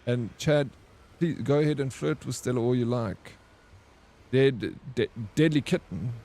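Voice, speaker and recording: A man's voice: mid-range voice, unhurried, dark tone. A man streaming a game who reads out viewer messages and answers them in playful, teasing banter. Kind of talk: livestream chat with viewers.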